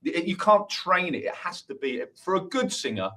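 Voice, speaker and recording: A man's voice: high-pitched, sing-song, moderate pace, pushed and bright. A man with an English accent, a musician guest talking earnestly about singing in a casual interview. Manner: earnest, explains with many restarts.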